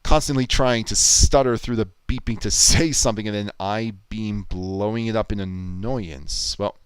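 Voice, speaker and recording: A man's voice: on the low side, steady tone, moderate pace, smooth, dry recording, rough recording. A man chatting casually on a livestream, thinking aloud and reading viewer comments out. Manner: musing, thinks aloud, reads chat comments out. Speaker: livestreamer editing a video.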